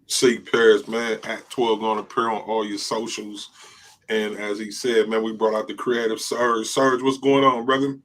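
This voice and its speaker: A man's voice: on the low side, level tone, normal speed, a bit bright. A man co-hosting a podcast, laid-back and casual, often saying "man". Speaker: podcast co-host.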